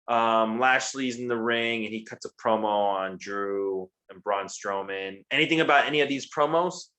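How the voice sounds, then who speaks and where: Man, bright voice, casual wrestling recap, swears a lot, rambling. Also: fairly low pitch, normal speed. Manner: profane, rambling recap with quoted impressions. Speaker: podcast co-host.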